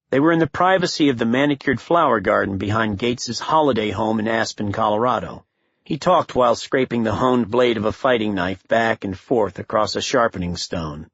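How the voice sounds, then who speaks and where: A man narrating a thriller audiobook in a steady, measured voice, from a slightly dull recording. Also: lowish voice, slightly rough, no echo. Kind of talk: scripted narration.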